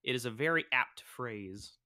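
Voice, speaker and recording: A man voicing a calm, reflective female android girl, reading game text aloud in a slow, deliberate way. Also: medium pitch. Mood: musing.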